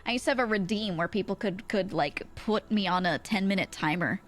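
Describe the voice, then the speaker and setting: A woman's voice: medium pitch, brisk. A young woman, chatting casually with her stream audience and laughing often. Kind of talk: casual stream chat, reading chat messages.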